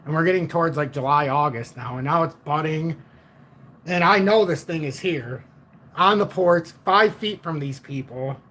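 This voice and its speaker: A man on a casual livestream, telling a story in a blunt, profane and animated way. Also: a little high, moderate pace, slight background noise. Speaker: livestream host.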